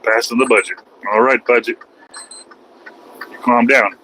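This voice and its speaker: A man's voice: medium pitch, steady tone, unhurried, sharp tone, a little hiss or hum, rough recording. A man vlogging while driving his truck, rambling in a folksy, self-mocking way. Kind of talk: casual driving vlog. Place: truck cab on highway.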